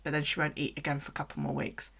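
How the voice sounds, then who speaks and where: A woman's voice: low voice, completely flat delivery, fast talker, gravelly, a bit bright, in a whisper. A woman chatting casually on a home livestream. She swears freely and coos at her pets.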